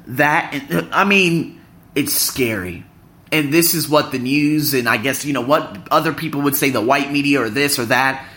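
Young male podcast host with a bright, forceful, slightly high voice; preachy motivational talker who hammers points by repeating them. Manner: emphatic, preachy, repeats phrases for effect. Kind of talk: motivational talk to a live audience.

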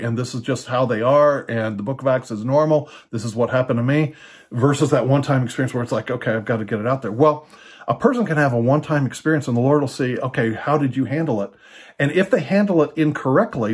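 An older man giving an unscripted Bible teaching talk in a relaxed way, often repeating words and adding fillers as he thinks aloud. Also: mid-range voice. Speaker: teacher of a church ministry.

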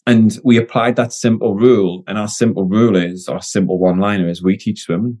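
A middle-aged man, a guest telling his story in a casual interview, energetic and candid. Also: fairly low pitch, a little fast. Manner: energetic and candid, frequent restarts. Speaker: guest, former Olympic swimmer and business owner.

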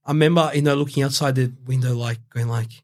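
A man's voice: mid-range voice, fairly even intonation, quick pace, darkish tone. A young Australian man from Brazil, telling his story as a guest in a casual interview, rambling with heavy swearing and fillers. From Brazil, raised in Australia.

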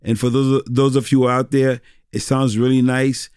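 A man's voice: medium pitch, little pitch movement, moderate pace, a little mellow, clear, resonant tone, dry recording, clean studio sound. A middle-aged man, a pastor and former rapper, telling stories in a casual interview, rambling with many restarts and fillers.

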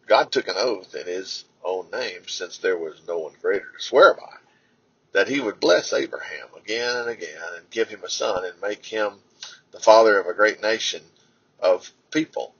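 A man reading scripture aloud in a halting way, with fillers and self-corrections. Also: lowish voice, animated, gravelly, a bit bright, slightly rough. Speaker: Bible reader. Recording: dull lo-fi recording.

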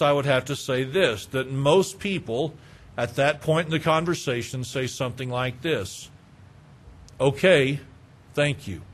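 A man's voice: fairly high pitch, fairly bright tone. A man, preaching a sermon as pastor, emphatic and repetitive, acting out phone calls in quoted voices. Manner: emphatic, repeats phrases, acts out phone calls.

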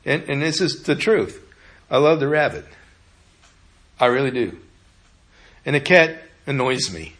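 A man's voice: mid-range voice, very animated, measured pace, pauses often, fairly bright tone. A middle-aged man preaching a sermon in a conversational way, telling personal stories and often repeating words as he talks. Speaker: pastor.

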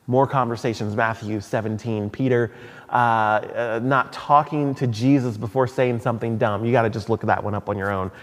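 Guy preaching a sermon, mid pitch, chatty with asides and restarts, echoey church hall. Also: steady tone, normal speed. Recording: long hall reverb.

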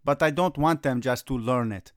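A man's voice: medium pitch, moderate pace, dry recording, studio quality. Melodramatic middle-aged soccer-coach man. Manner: gloomy, melodramatic rants that flare into agitated Italian cursing. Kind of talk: comedic sketch dialogue.

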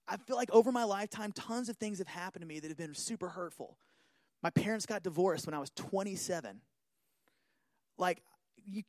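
High-voiced, animated young youth pastor. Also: male voice, no room sound. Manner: animated, playful, self-deprecating, bursts into shouts. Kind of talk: youth sermon.

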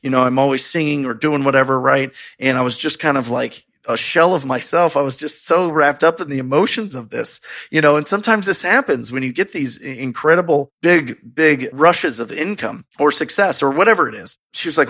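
A man with a gravelly, fry-tinged voice and a bright, forceful edge tells a personal story. He is expressive and upbeat and acts out his own reactions as he goes. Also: medium pitch, fairly quick, few pauses. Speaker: real estate investor telling his story. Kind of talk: casual storytelling.

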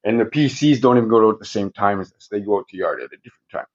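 With the highs cut off, a fairly low male voice comes through expressive and very fast. He's telling stories as a podcast guest in a loose, rambling style, cursing constantly and ending sentences with "right?".

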